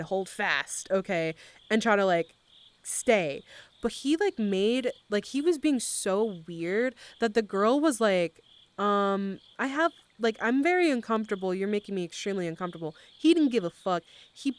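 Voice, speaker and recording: A woman's voice: a little high, no echo. A young adult woman chatting casually on a live stream, telling a story with lots of filler words and swearing. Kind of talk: casual chat.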